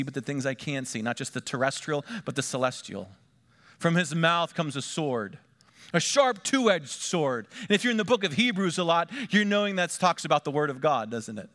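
A middle-aged man delivers a sermon from the pulpit in a fairly high voice. He drops to hushed asides, then swells louder and higher on the points he wants to land. The delivery has a lively, varied preaching lilt. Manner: dynamic preaching, swinging between hushed asides and lifted, bigger emphatic lines. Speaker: pastor.

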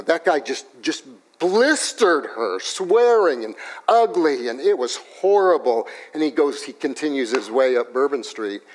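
A man preaching a sermon, telling a personal story in an animated way that swings from loud to hushed, in a church. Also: medium pitch. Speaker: pastor.

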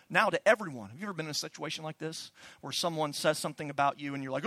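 A man's voice: on the high side, animated, fast talker, a bit bright, no echo. A man preaching a sermon, telling the story with animation and acting out the voices he quotes. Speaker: pastor.

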